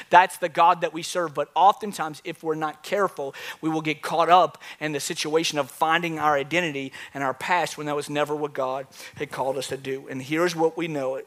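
A male pastor in his thirties preaching a sermon to a church congregation, telling stories with big swings from quiet to loud. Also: fairly high pitch. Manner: animated storytelling, swings from soft to loud. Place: church with live audience.

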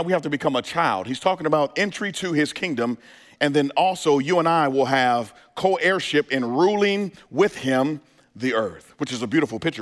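Here a male pastor with a somewhat bright, fairly high-pitched voice delivers a sermon in a church sanctuary. He peppers the congregation with questions, asks whether they are ready, and trades call-and-response asides with them, all under a reverberant hall sound.

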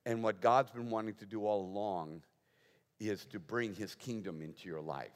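A man's voice: on the low side, normal speed, in a large hall. A man preaching a conversational sermon as pastor, asking the congregation rhetorical questions with touches of humor.

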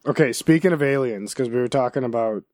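A man's voice: medium pitch, fast, a little mellow. A man co-hosting a podcast in casual banter, asking questions, steering topics and repeating his phrases. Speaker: podcast co-host.

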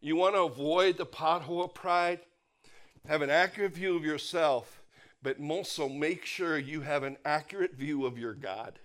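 A man preaching a sermon, emphatic, repeating key phrases and dropping his voice low on the punch lines. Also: moderate pace, a bit bright. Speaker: pastor.

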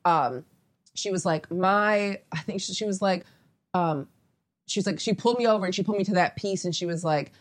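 A woman's voice: lowish voice, fairly quick. A young adult woman, a photographer as interview guest, chatting casually and meandering with lots of asides.

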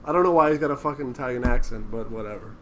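A man co-hosting a podcast in casual chat, telling stories excitably and profanely, acting out the quotes. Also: mid-range voice, racing, slight background noise.

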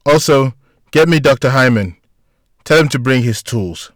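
A man doing a firm woman doctor who lays down the rules, voice lifted a little and pushed louder than his narration, clipped and insistent. The sound is dry and close to the mic. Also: mid-range voice, lively intonation, normal speed, dry recording, close to an everyday voice.

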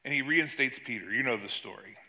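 Bright-voiced older pastor preaching. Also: male voice, fairly quick. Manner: storytelling, acts out quoted voices with rising pitch. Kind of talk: sermon.

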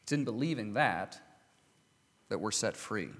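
A man's voice: on the low side, lively intonation, unhurried, a bit bright. Preaching man in a reverberant hall. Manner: earnest, rhetorical questions, scripture reading. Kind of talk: sermon.

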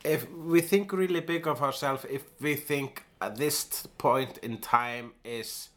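A man's voice: mid-range voice, a little slow, fairly bright tone. A man from Iceland co-hosting a podcast, talking casually and playfully with many fillers and restarts. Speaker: podcast co-host.

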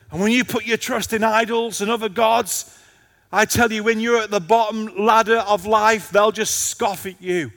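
A man's voice: sits high, a bit bright, in a large hall. A male pastor preaching a passionate sermon to a congregation, his intensity rising and falling.

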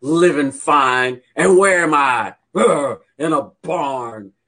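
This is a talking horse star with a grudge against the farmer who owns him, as a man plays him. The voice sits a little high and sounds indignant and complaining. It is part of an improvised comedy bit. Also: takes it slowly, pushed and bright, exaggerated voice. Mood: resentful.

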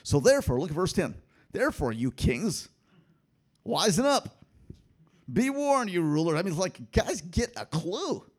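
A man preaching a sermon, swinging between loud emphatic lines and hushed asides. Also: high-pitched, sing-song, unhurried. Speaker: pastor.

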